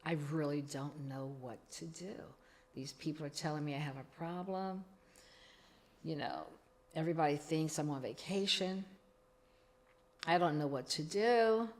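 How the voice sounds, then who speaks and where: A woman's voice: low-pitched, a little slow, a little mellow. A middle-aged woman, telling her own recovery story as a podcast guest, acting out the dialogue she quotes.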